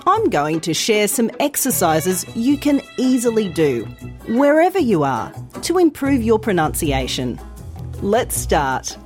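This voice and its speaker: A woman teaching pronunciation in a scripted podcast, speaking slowly and carefully articulating each sound. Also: medium pitch, big pitch swings, soft background music. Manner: slow, clear, carefully articulated. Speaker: pronunciation teacher and news presenter. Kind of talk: scripted educational podcast narration.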